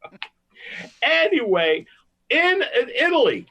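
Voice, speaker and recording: A man's voice: medium pitch, lively intonation, normal speed, vocal fry, a bit bright. A man hosting a comedy podcast, telling rambling jokey stories. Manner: joking, rambling storyteller. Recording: dull lo-fi recording.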